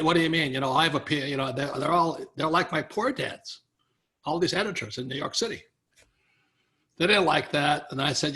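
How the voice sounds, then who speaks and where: Bright, lively older man telling stories. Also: fairly high pitch. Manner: animated storyteller, acts out quoted people, chuckles often. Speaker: interview guest, author. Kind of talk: storytelling in a conversational interview.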